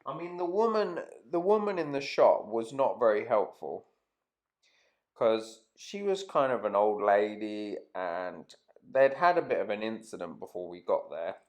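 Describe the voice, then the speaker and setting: A man's voice: lowish voice, very animated, unhurried, a little mellow. Rambling man telling a story. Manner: chatty, swears freely, trails off and restarts. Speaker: vlogger. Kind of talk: rambling casual anecdote.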